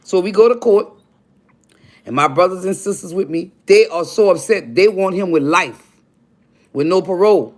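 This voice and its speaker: A woman's voice: fairly low pitch, expressive, normal speed, pauses often, darkish tone. An older woman hosting a livestream, telling a personal story bluntly and with heavy profanity while speaking straight to her viewers. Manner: blunt, profane, addresses viewers directly as y'all. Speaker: livestream host. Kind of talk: confessional storytelling to a live audience.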